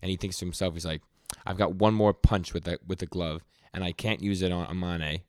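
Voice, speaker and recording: A young man's voice sits low, dark-toned and fairly even in intonation, recorded at studio quality without echo. Co-hosting a casual manga recap podcast, he retells comic scenes in fast quoted lines, tripping over words with frequent stammers.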